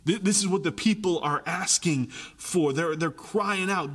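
A man preaching a sermon, animated, acting out the voices of complaining people. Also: high-pitched, measured pace, hardly any pauses, breathy edge, in a large hall. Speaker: pastor.

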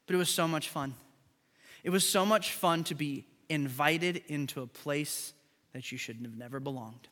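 A high, bright male voice preaching to a congregation, jumping into playful dialogue as he tells his stories. It rings out in a large, reverberant hall, with soft music under him. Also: moderate pace. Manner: animated storytelling, acting out dialogue. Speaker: pastor. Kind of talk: sermon. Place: church sanctuary.

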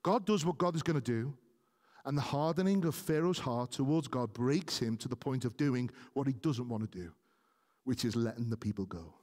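A man's voice: mid-range voice, normal speed, a little mellow, big-room sound. A man preaching a sermon earnestly, speaking directly to his congregation and rising to emphatic peaks.

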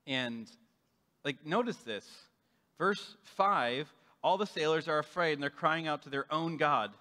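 Male pastor, casual storytelling sermon, bright tone, big-room reverb. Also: on the high side, measured pace. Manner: conversational, acts out quoted voices.

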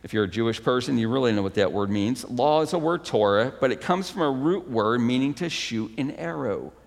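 A man preaching a sermon as pastor, emphatic, swinging between loud proclaiming and hushed, intimate stretches. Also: mid-range voice, lively intonation, a little fast, creaky, big-room sound.

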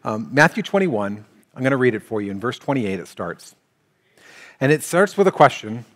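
A man preaching a sermon as pastor, talking in a conversational, animated way. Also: medium pitch, normal speed. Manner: conversational, animated, shifts into quoted voices. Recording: long hall reverb, faint music.

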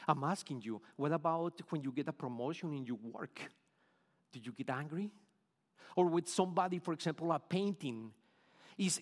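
Colombian pastor, middle-aged, Spanish-accented English, earnest and halting, fairly high voice, reverberant sanctuary. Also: male voice. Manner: earnest, repeats words while searching for phrasing. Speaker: preacher. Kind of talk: sermon. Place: church sanctuary.

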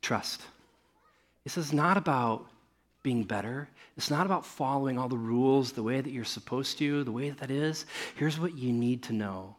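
A middle-aged male pastor preaching a sermon, animated, often asking his listeners rhetorical questions. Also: mid-range voice, moderate pace.

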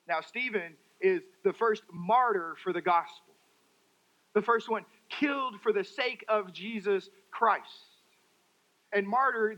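A man preaching a sermon, dramatic, swinging from loud outbursts to hushed, quiet phrases. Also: high-pitched, lo-fi sound.

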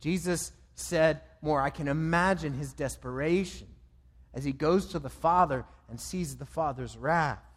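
A man's voice: a little high, a little slow, in a large hall. A man preaching a sermon as pastor, with an emphatic, repetitive cadence.

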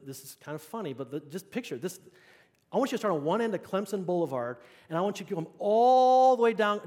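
Male preacher with a fairly high voice, casual conversational sermon, lots of questions to the room, long church reverb. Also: a little mellow. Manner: conversational, checks in with the congregation. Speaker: pastor. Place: church sanctuary.

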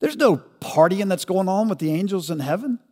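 A man preaching a sermon as pastor, asking rhetorical questions and building to loud, emphatic peaks. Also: sits high, animated, brisk, long reverb tail.

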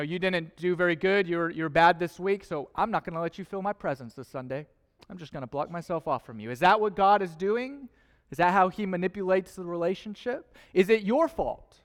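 A man's voice: high-pitched, clean tone. A young man preaching a sermon in a casual, conversational way, full of rhetorical questions and playful asides. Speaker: pastor. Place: church auditorium. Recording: long hall reverb.

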